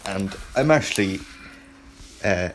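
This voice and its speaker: A young Irish man co-hosting a comic podcast, rambling and boasting deadpan as a boozy lad with plenty of swearing. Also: low voice, slow pace, faint music behind. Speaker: podcast co-host. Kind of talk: comedic banter playing a boozy lad.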